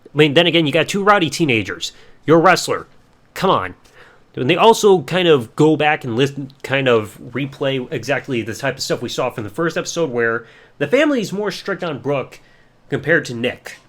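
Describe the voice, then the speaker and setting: A man's voice: mid-range voice, expressive, normal speed, a bit bright. A young man hosting a casual solo review podcast, rambling along and swearing casually. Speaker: podcast host.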